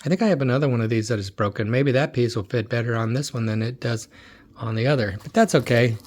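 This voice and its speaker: A man's voice: medium pitch, quick pace, darkish tone. A middle-aged man talking casually as he looks through a box of toy cars, chatty and thinking aloud, often repeating his words. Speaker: toy car collector and dealer. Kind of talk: casual unboxing commentary.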